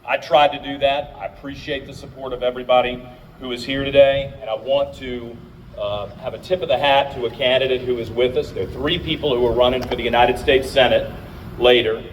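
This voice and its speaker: A man's voice: medium pitch, fairly even intonation, brisk, recorded from a distance, a little hiss or hum, poor audio. A middle-aged man from Virginia, a candidate and radio host, giving an emphatic speech to a crowd at an outdoor rally. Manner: emphatic, rousing, addresses the crowd.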